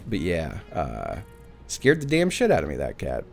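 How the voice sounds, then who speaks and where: A man's voice: a bass voice, wildly swooping pitch, moderate pace, gravelly, soft background music. A man streaming a game live, chatting casually and animatedly with his viewers, swearing now and then. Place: at home.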